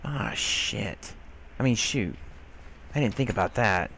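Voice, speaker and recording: A man's voice: on the low side, animated, takes it slowly, vocal fry, fairly bright tone, slight background noise. A man commenting casually on a game he is playing, grumbling and scolding the characters on screen. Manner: exasperated, grumbling, talks to game characters, mild swearing. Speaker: gameplay commentator. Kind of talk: casual let's-play commentary.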